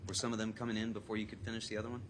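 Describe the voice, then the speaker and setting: Male lawyer grilling a witness in court, steady and methodical, noisy courtroom audio. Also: on the low side, rapid-fire. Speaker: attorney questioning a witness. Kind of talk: courtroom examination, reading texts aloud. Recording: courtroom audio with clear background noise.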